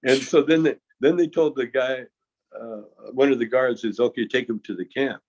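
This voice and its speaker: A man's voice: mid-range voice, moderate pace, a little mellow, slight background noise. A male guest casually telling a long anecdote, often chuckling and restarting his sentences. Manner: chuckling storyteller who stammers and restarts. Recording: dull lo-fi sound.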